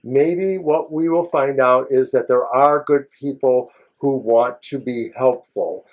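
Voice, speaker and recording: A man co-hosting a tarot reading show, talking through the cards in a measured, thoughtful way. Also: mid-range voice, highs cut off. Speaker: co-host tarot reader. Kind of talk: casual tarot reading chat.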